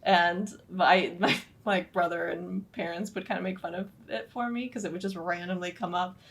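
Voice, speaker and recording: A woman's voice: lowish voice, steady tone, moderate pace, vocal fry. A woman co-hosting a paranormal podcast, telling stories in casual chat and laughing often. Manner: storytelling, giggly. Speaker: podcast co-host.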